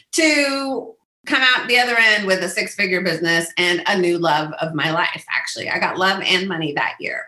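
A woman guest speaking in a casual interview, animated and acting out quoted lines in a high voice. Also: roomy sound. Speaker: guest, business coach.

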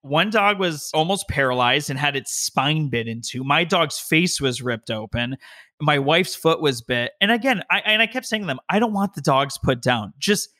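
A man telling a long personal story from his home office, in an animated, heated way with quick bursts of speech. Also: on the high side. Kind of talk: conversational storytelling.

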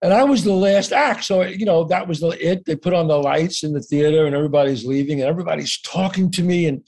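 A man's voice: a little high, quick pace, hardly any pauses, a little mellow. A man telling a story as an interview guest, acting out the dialogue and swearing casually.

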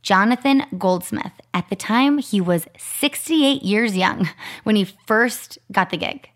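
A woman in her thirties co-hosting a podcast, talking in a chatty, casual way. She leans on "like" and keeps a story rolling with animated retellings. Her voice sits at an ordinary middle pitch. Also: slow pace. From Arizona, US. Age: 30s. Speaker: podcast co-host.

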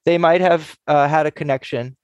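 男声,语调偏高,干燥近距离录音. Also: male voice, on the high side, fairly even intonation, moderate pace, no echo, lo-fi sound. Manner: wry, joking. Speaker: podcast co-host. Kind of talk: casual podcast chat.

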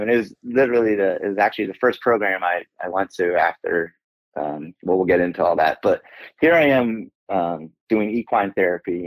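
A middle-aged man, an Air Force veteran, telling a personal story as a guest in a casual interview, animated and acting out his own lines. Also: lowish voice, no room sound, rough recording. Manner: animated, acts out his own lines, laughs through emotion.

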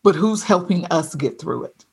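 A woman with a husky, breathy voice talks as a podcast guest. She tells her story earnestly and conversationally, often restarting her sentences midway. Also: lowish voice, lively intonation, normal speed, a little mellow.

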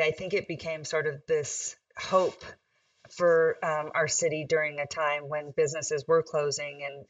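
A woman's voice: sits low, dry recording, highs cut off. Upbeat nevada woman, mayor, laughs a lot, kinda far from the mic, dry sound. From Nevada, USA. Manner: chatty and upbeat, laughs often. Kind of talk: casual interview chat.

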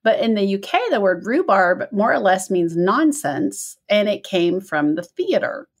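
A woman's voice: mid-range voice, very animated. Chatty Midwestern woman co-host. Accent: Midwestern American. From American Midwest. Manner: chatty, laughs easily, quick asides. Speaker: podcast co-host. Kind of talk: casual chat.

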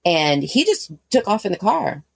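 Speaking as a guest, a thirtysomething woman with a very low, creaky, husky voice shares a painful story from her life. She is very animated and talks at normal speed, wandering candidly through it with many fillers and false starts, captured in a dry, close recording without echo or room sound.

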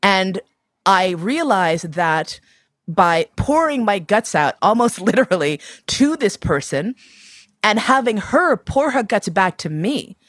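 A woman telling a candid personal story in an interview, animated and profane, often breaking into laughter. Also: medium pitch, takes it slowly, dry recording.

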